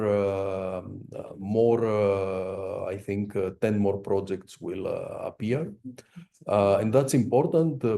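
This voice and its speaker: Middle-aged male professor presenting research, dark mellow voice, halting delivery full of "uh"s. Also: low-pitched, gravelly. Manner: halting, frequent "uh" fillers. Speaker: visiting professor giving a research talk. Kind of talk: academic presentation.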